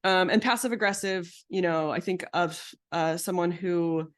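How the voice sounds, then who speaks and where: A woman psychotherapist teaching a live online session in a casual, explanatory way, with many fillers and restarts. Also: normal speed. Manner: acts out quoted lines with sudden high pitch. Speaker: psychotherapist and betrayal coach.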